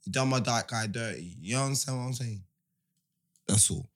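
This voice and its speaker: A man, co-hosting a casual chat podcast, animated and full of street slang with loud bursts. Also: medium pitch, normal speed.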